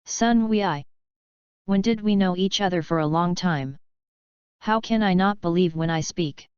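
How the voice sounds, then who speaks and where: A woman's voice: lowish voice, a little slow, a little mellow, clear, resonant tone, no room sound, lo-fi sound, close to an everyday voice. A woman reading the lines of a flustered teenage schoolboy who hides his powers, in a fanfiction audiobook. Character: teenage boy student hiding secret powers.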